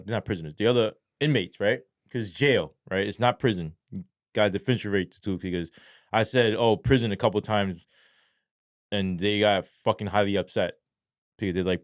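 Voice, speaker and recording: A man with a somewhat low voice tells a story as a podcast guest, loose and profane, full of slang and fillers. He talks in a dry, close sound with no room echo. His delivery rambles and leans on street talk. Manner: animated, acts out quoted voices. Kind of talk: casual storytelling in a podcast interview.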